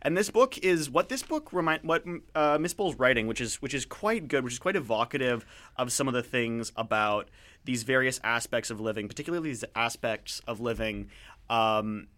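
A man's voice: mid-range voice, lively intonation, moderate pace, a bit bright. A man hosting a radio show in casual chat, rambling, joking and mocking himself while he reviews books. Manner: rambling, jokey, self-mocking. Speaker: radio host.

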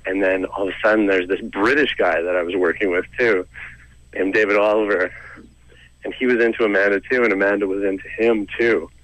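A young comedian tells a story from his teens with self-mocking humor and quick chuckles. His voice sits low, and the studio sound is dry and close. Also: steady tone, a bit bright, no room sound, rough recording. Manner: chatty, self-mocking, laughs between lines. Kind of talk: casual storytelling interview.

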